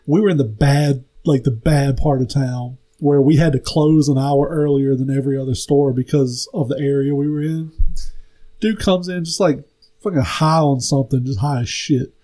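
A man's voice: medium pitch, fairly even intonation, normal speed, warm tone, rough recording. A young man co-hosting a podcast, laid-back and profane, telling a story from an old job. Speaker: podcast co-host. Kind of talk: casual chat.

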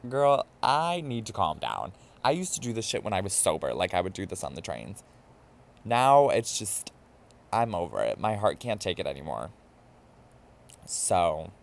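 A man hosting a podcast, telling a drunken night-out story in a campy, animated, casual way. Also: fairly low pitch, moderate pace, creaky. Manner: campy and animated, mimics voices in quotes. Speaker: podcast host. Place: New York.

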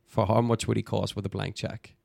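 A man's voice: on the low side, flat delivery, brisk, gravelly, a little mellow, no room sound, clean studio sound. An Irish man co-hosting a casual podcast, chatty and ending his lines with "like". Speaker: podcast co-host.

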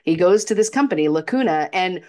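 A woman's voice: lowish voice, expressive, a little fast, mellow. Chatty woman recapping a movie. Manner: chatty, hesitant restarts. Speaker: podcast co-host. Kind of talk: casual movie recap chat.

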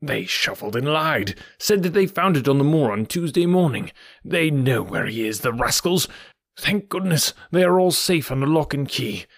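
A man voicing an agitated, eager male schoolmaster who speaks in excited exclamations. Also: fairly high pitch, moderate pace, no echo, studio quality, pitched above the performer's own voice.

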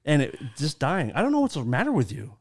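A man hosts a loose studio chat. His voice sits a little high and bounces around a lot. He teases his guests and breaks into laughter often. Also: quick pace, noisy background. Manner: animated, teasing, laughs a lot. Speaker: podcast host. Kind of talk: casual chat.

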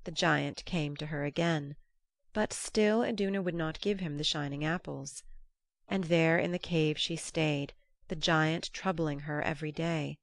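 A woman narrating an old-fashioned storybook in a measured, storytelling manner. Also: deep voice, steady tone, no room sound, studio quality. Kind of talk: storybook reading.

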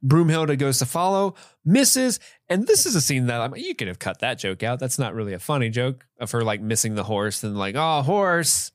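A man's voice: mid-range voice, expressive, fairly quick, few pauses, no echo, studio quality. A man co-hosting a podcast, casually recapping comedy scenes and laughing along. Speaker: podcast co-host. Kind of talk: casual film review chat.

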